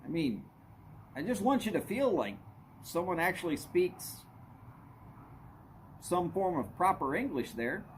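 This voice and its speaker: Guy hosting a laid-back stream, pitch jumps all over, slight hiss behind. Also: sing-song, measured pace, long pauses. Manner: greets viewers by name, folksy drawl, y'all. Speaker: livestream host. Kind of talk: casual chat with viewers.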